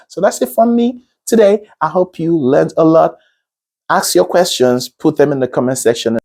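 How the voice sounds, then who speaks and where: A man giving a singing lesson on pronunciation, sounding words out slowly and checking in with "okay?", then rising higher to encourage viewers. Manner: lively, rises high when encouraging viewers. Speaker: singing teacher.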